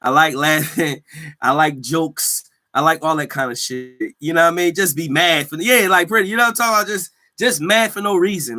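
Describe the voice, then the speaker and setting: Man, podcast host, slangy, animated storytelling, bright tone. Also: on the high side, a little fast. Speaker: healthcare worker. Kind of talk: casual solo podcast rant.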